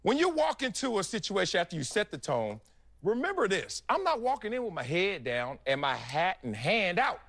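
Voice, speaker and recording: A former football player now working as an analyst. His voice is high for a man and very lively, rising and falling a lot. He tells stories with laughing asides. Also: normal speed, creaky. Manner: storytelling, animated, laughing asides. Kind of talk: sports talk commentary.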